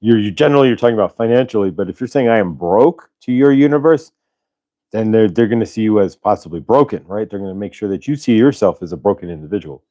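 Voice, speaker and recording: A man's voice: fairly low pitch, quick pace, no room sound, lo-fi sound. A man hosting a casual spiritual livestream, talking loosely and reading out viewers' chat messages. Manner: relaxed, rambling, reads chat aloud. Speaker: host.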